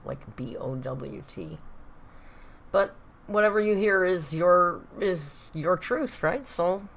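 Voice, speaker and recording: Woman, southern Ontario accent, low pitch, casual livestream chat, self-mocking, faint background hum. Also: big pitch swings, slow pace, creaky, a bit bright. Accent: southern Ontario Canadian. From southern Ontario, Canada. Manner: chatty, self-mocking, laughs often. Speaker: livestream host. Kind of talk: casual live chat with viewers.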